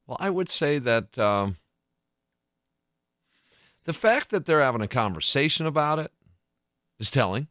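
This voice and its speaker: A man's voice: mid-range voice, very animated, unhurried, pauses often, fairly bright tone, no echo, clean studio sound. A man hosting a casual podcast chat, talking in a laid-back, rambling way with restarts. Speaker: podcast host.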